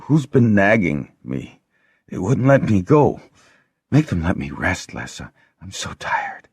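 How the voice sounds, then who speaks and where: A faint, worn-out old harper, voiced by a man in an audiobook, his voice low, husky and barely there. Recorded dry and close. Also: very animated, a little slow, no room sound, heavily acted. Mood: weary. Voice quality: faint, weak voice. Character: old male harper, weak, dying, wry.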